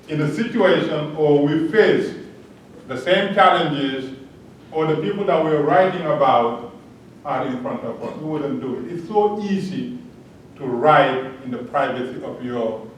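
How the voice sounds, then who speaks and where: A man giving a public talk as a panel respondent, telling a personal story in an earnest way and chuckling at his own jokes. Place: large lecture hall. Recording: echoey hall from a distance, faint rumble.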